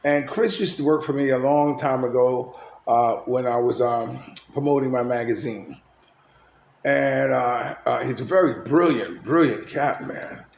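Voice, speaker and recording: A man's voice: mid-range voice, measured pace, creaky, a little mellow, slight background noise. An older man vlogging in a casual, rambling way, chuckling often and leaning heavily on "you know" fillers. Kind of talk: casual vlog commentary. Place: small outdoor hangout spot after tennis.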